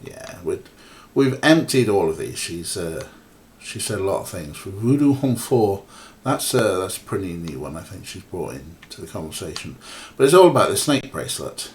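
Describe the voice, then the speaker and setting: Low-voiced rambling game streamer man. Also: sing-song, normal speed. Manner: rambling and chatty, with many fillers, chatting to viewers and cats. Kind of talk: casual let's-play commentary.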